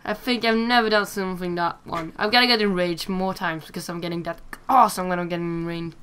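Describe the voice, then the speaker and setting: Woman, casual gameplay commentary, bright tone, excitable, swears often. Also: lowish voice, fast, clean tone. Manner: excitable, swears when frustrated. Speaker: gamer commentating her play.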